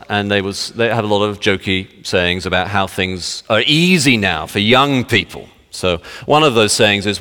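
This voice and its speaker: A low-voiced man delivers a sermon. He reads scripture slowly and solemnly, then speaks in a chatty way full of fillers. His voice carries a long reverb. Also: animated, pushed and bright. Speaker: preacher.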